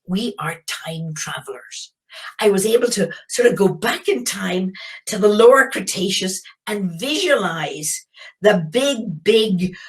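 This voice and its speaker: An older woman from Belfast with a Northern Irish accent, a geologist giving a reflective, enthusiastic webinar talk with frequent fillers and restarts. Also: mid-range voice. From Belfast, Northern Ireland. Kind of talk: webinar storytelling presentation. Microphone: video call.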